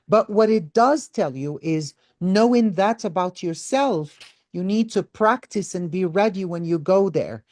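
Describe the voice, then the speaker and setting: A middle-aged woman doctor leads an online teaching session for medical students. She speaks in an earnest, personal way, at a middle pitch, and now and then slips Arabic words into her English. Her voice sounds dry and close, as if spoken over a video call. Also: a little mellow, dry recording.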